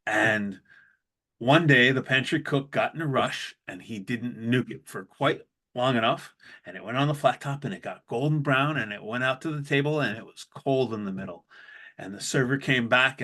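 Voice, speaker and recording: Chef podcast host telling kitchen stories. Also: male voice, medium pitch. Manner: animated anecdotes with acted-out quotes and laughs. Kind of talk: casual storytelling chat.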